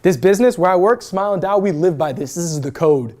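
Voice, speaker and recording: A man in his twenties, speaking fast in a high-pitched voice, gives students a brash, energetic motivational talk as a guest speaker in a university event room. He swears casually, and there's a little hiss or hum on the recording.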